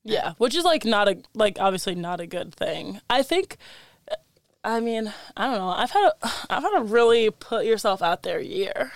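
A young woman co-hosting a podcast in casual chat, talkative and quick to laugh, acting out her own thoughts as she tells stories. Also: medium pitch, big pitch swings, dry recording. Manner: chatty, laughs often, acts out her own quoted thoughts. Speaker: podcast co-host.

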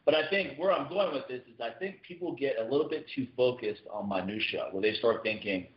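A man co-hosting a podcast in casual chat, talking quickly and often restarting his sentences as he builds a point. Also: mid-range voice. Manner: fast, animated, repeats words when starting sentences. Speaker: podcast co-host. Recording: dull, echoey room audio.

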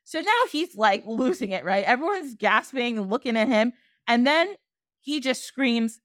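A woman podcast host retelling a folk tale in casual, animated storytelling, laughing often. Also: a little high, normal speed, no echo, clean studio sound.

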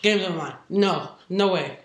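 A woman's voice: on the low side, normal speed, roomy sound. A woman who is a football head coach, a guest telling stories in casual conversation and acting out what others said. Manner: animated, acts out what others said. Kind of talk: casual interview storytelling.

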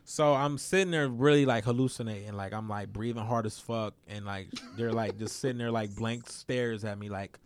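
A man's voice: moderate pace, hardly any pauses, clean tone. Young man telling a wild story. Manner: animated storytelling, acts out quotes with sudden high-pitched squeals. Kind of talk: casual chat.

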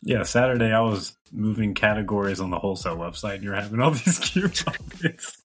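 A man co-hosting a podcast, chatting casually and relaxed, chuckling between remarks. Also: on the low side, a little fast, a little hiss or hum. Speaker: podcast co-host. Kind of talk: casual chat.

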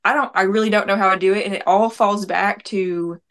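A young woman speaks casually as a podcast guest, her thoughts tumbling out with frequent fillers. Her voice sits at an ordinary middle pitch for a woman. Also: steady tone, fairly quick, a bit bright. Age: young adult. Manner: rambling, many "like" fillers. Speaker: guest, prank-call comedian. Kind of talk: casual interview chat.

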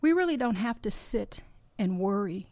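A woman's voice: mid-range voice, animated, moderate pace, a little mellow, no room sound. A woman hosting a podcast, giving a heartfelt, encouraging faith talk with personal stories that ramble and restart. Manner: earnest, heartfelt, exhorting. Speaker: podcast host.

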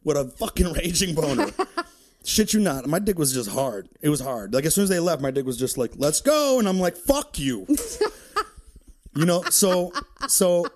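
A male comedian from Detroit telling a story as a podcast guest, profane and excitable, laughing as he talks. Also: on the high side, moderate pace. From Detroit, USA. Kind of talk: animated comic storytelling.

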